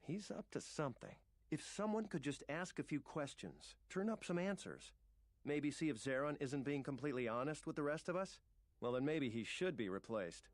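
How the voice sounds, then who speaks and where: A man plays a secretive townsman in a video game, dropping suspicions in a hushed, hesitant murmur. His pitch wanders widely, and the recording is dry and close with no room sound. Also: animated, normal speed, no room sound, natural voice. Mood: conspiratorial. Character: adult male game townsman, secretive informant.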